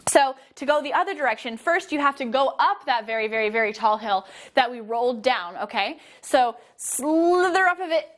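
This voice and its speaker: Woman, young adult, high voice, energetic, encouraging, kids' movement storytelling. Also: a little fast, hardly any pauses. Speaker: children's movement teacher and storyteller. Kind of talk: guided kids' yoga storytelling.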